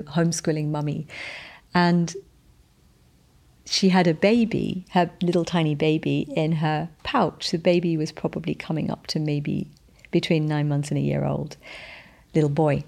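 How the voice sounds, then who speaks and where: Woman, podcast host; low voice with gravelly fry, earnest faith testimony, heartfelt and halting. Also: a little mellow. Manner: earnest, heartfelt storytelling with frequent restarts.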